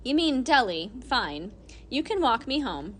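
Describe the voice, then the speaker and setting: Bossy little old lady, woman doing the voice, sharp and pushy, swings up high. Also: big pitch swings, a little slow, heavily acted. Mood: brisk. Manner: scolding, peering, bossy.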